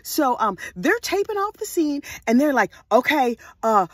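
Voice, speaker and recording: A woman casually telling a true crime story in an animated way, full of sassy asides. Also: high-pitched, moderate pace, no room sound, clean studio sound.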